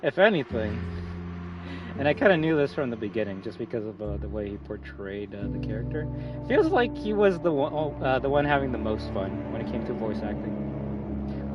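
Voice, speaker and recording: A man with a medium-pitched voice and lively intonation live-streams a game at a moderate pace, rambling casually, swearing often, and restarting his sentences. The recording is slightly muffled, with faint music in the background.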